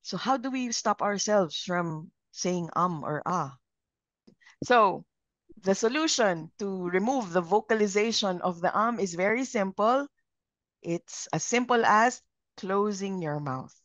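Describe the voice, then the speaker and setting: In a dry, dull lo-fi recording, a woman speaking Taglish with a Filipino accent conducts a live communication training session and puts questions to the group. She sounds animated, medium in pitch, and a little slow.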